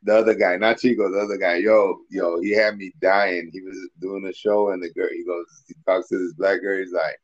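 Man, podcast co-host, lowish voice, dull lo-fi sound, loose profane storytelling. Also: flat delivery, brisk, few pauses. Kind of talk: casual chat.

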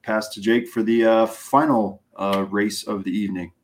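A man co-hosting a local racing show, running down results in a relaxed, rambling way. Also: on the low side, normal speed, a little hiss or hum. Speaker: co-host, racing recap. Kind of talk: casual chat.

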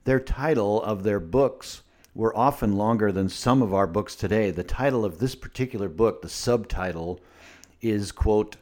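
A man's voice: lowish voice, normal speed, a little mellow. A man co-hosting a podcast and teaching, speaking in a reflective, musing way. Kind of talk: casual podcast chat.

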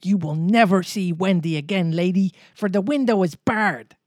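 A man's voice: mid-range voice, a little slow, warm tone, no echo, clean studio sound, close to an everyday voice. A man reading a storybook aloud, voicing a cocky, defiant young boy with a sneering, boastful manner. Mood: exultant.

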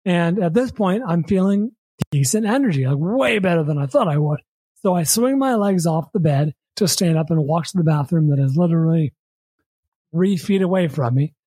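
An American man, a podcast host, telling a long story in casual chat, rambling and repeating words, acting out quick quotes. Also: a little high, lively intonation, mellow, breathy edge, no echo.

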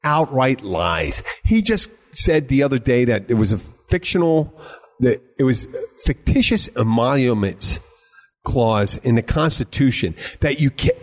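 A man's voice: mid-range voice, very animated, a little slow. A man hosting a podcast in casual chat, rambling and emphatic, with lots of restarts and swearing. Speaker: podcast host.

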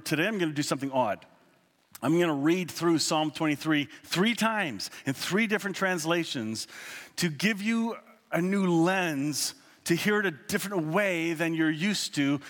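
A man giving a sermon, earnest and reading scripture slowly, with quick asides full of fillers. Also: on the high side, fairly bright tone. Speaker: pastor. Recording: long hall reverb.

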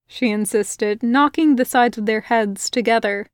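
A woman reads a fantasy story aloud at an unhurried, measured pace, her voice pitched a bit high. The recording is dry and close, with no room echo behind her. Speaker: podfic reader. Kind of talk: audiobook narration of fan fiction.

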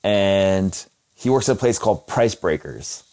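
Young male guest, lowish voice, chatty and animated as he tells a story. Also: unhurried. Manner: animated, acts out quotes with a raised voice. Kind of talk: casual storytelling.

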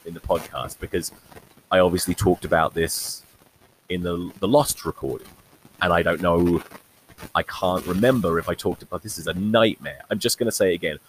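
A man's voice: sits low, fairly even intonation, normal speed. A man hosting a solo podcast, talking rugby in a blunt, sweary, rambling way, recorded on a crackly faulty mic. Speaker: podcast host. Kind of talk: casual solo rugby chat.

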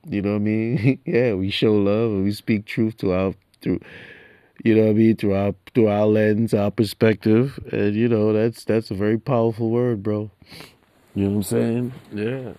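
A man's voice: lowish voice, flat delivery, moderate pace, dark tone. A man hosting a solo podcast in casual, profane street slang, laughing between lines. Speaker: podcast host.

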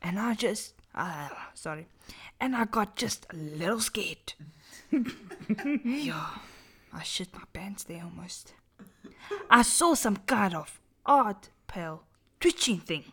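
A woman, reading a creepy story aloud on a podcast in a slow, breathy, half-whispered dramatic voice. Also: mid-range voice, expressive, pushed and bright.

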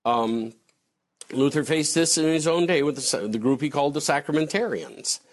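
A man's voice: on the high side, normal speed. A man lecturing on theology in a conversational, digressive way, answering a question from the floor. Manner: digressive, animated, breaks into acted quotes.

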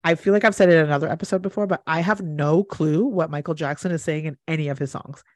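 A woman's voice: deep voice, fast, darkish tone, no echo. A woman hosting a podcast in casual chat, teasing and joking with her co-hosts. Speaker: podcast host.

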